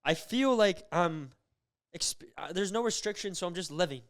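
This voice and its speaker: Young dude on a podcast, kinda high voice, super clear, rambles and fills every gap with like. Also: male voice, normal speed. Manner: rambling, animated storytelling with lots of fillers. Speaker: podcast co-host. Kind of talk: casual chat.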